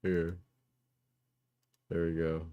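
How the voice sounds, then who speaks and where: A man's voice: low-pitched, monotone, drawn-out words, no echo, phone-quality sound. A male streamer chatting and joking with viewers during a live stream, laughing often. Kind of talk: live stream reaction chat.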